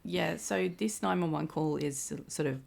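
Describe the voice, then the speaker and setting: A woman's voice: deep voice, normal speed, vocal fry. A woman co-hosting a podcast, chatting casually and with amusement about a TV episode. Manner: chatty, amused, laughing between remarks. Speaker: podcast co-host. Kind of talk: casual TV episode recap chat.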